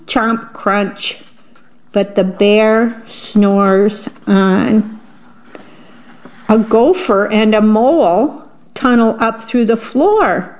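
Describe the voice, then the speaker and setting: A woman reading picture books aloud to children in a gentle manner, pausing to describe the pictures. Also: a little high. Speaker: storybook reader. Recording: dull lo-fi recording.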